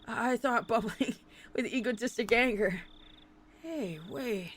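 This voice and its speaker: Woman narrating as a self-scolding teen boy for a visual novel dub. Slightly raised pitch, inner monologue. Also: slow, a little hiss or hum. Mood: brooding.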